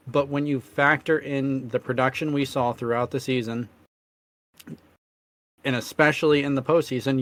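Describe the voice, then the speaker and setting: A man co-hosting a casual sports podcast, talkative, his voice going hoarse as he keeps clearing his throat. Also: mid-range voice. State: losing his voice. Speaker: podcast co-host.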